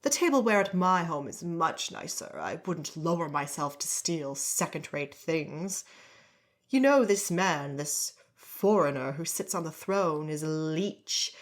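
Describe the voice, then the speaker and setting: A woman doing a slurring, indignant drunk nobleman. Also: lowish voice.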